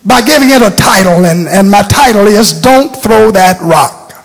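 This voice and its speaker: A man's voice: sits high, expressive, normal speed, in a large hall, soft background music. An older man preaching a sermon, telling stories emphatically and repeating phrases for effect, in a church sanctuary. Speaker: bishop preaching.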